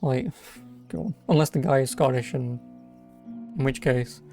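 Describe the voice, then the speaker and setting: A man's voice: medium pitch, moderate pace, mellow, faint music behind. A man giving casual, sarcastic gameplay commentary as a streamer. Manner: wry, sarcastic. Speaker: let's play streamer.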